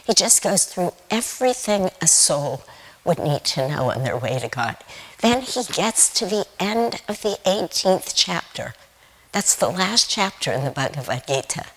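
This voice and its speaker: Brief: female preacher, low pitch, breathy tone, gentle sermon delivery. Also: low-quality recording. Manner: slow, tender delivery, drawn-out quotes from scripture. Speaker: guest speaker at Sunday service.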